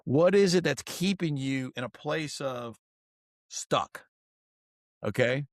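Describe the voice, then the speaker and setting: A man's voice: medium pitch, slow, dry recording, clean studio sound. A middle-aged man, a guest author and coach, explaining a model and telling stories in a podcast interview. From United States. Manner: energetic, instructive, tells stories.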